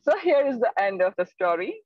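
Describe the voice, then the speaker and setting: Female storyteller, slow and expressive, breathy tone; dull lo-fi online audio. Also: fairly high pitch, no echo. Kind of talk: storytelling for children. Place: home, online talk.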